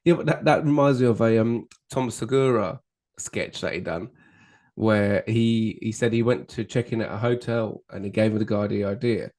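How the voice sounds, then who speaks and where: A man, co-hosting a podcast in casual chat, relaxed and trailing off mid-sentence, swearing in passing. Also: on the low side, moderate pace. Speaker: podcast co-host.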